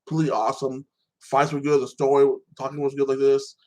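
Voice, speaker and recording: A man's voice: mid-range voice, little pitch movement, fairly quick, warm tone, rough recording. A man hosting a casual podcast, recapping TV episodes in a rambling way with many restarts and tag-on phrases. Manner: rambling, frequent restarts, keeps adding "like that". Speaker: podcast host.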